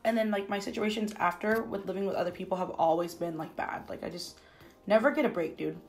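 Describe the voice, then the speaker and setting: This twenty-something food vlogger sits in her bathroom at home for a relaxed mukbang, pausing to eat and saying "like" all the time. Her mid-range voice is fast and a little mellow, with soft music playing and low-quality audio.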